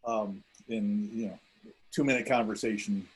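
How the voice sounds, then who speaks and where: A man's voice: on the low side, fairly even intonation, normal speed, slightly rough, poor audio. A man hosting a tribute event over a video call, introducing guests in a loose, joking manner and correcting himself as he goes. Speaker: host. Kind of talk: casual introduction.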